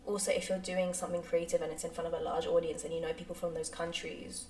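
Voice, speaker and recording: A woman's voice: lowish voice, level tone, darkish tone, roomy sound, distant mic, slight background noise, poor audio. A young woman in her twenties co-hosting a podcast in casual chat, pushing her point with repeated questions. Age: 20s. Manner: quick agreeing backchannels, presses her point with questions. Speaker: podcast co-host.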